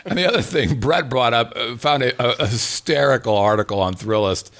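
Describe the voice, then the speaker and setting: A man co-hosting a casual podcast, joking and laughing often as he riffs with his partner. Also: medium pitch. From Las Vegas resident. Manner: joking, animated, quick laughter. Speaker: podcast co-host.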